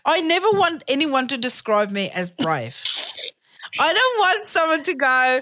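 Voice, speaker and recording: A woman in her late forties chatting on a podcast with a fairly high voice. She is brash and quick to joke, and she tells her stories with a lot of swearing. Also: very animated, fairly bright tone, slight background noise. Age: 40s. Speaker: podcast host. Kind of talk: casual chat.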